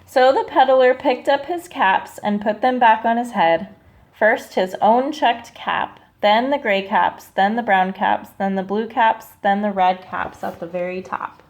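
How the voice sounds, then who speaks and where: A woman teacher reading a picture book aloud to children, slow and expressive, stopping to ask them questions. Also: medium pitch.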